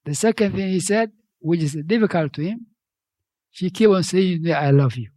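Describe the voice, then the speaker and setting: Guy preaching in english, kinda high voice, dry close sound. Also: moderate pace, mellow, no room sound. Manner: conversational, repeats phrases, non-native grammar. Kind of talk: sermon.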